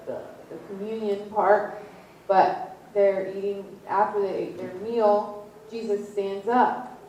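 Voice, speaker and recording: A woman preaching a sermon, retelling a story slowly with repetition and pointed questions to the congregation. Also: mid-range voice, dark tone, muffled recording, a little hiss or hum. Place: church. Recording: echoey room, distant mic.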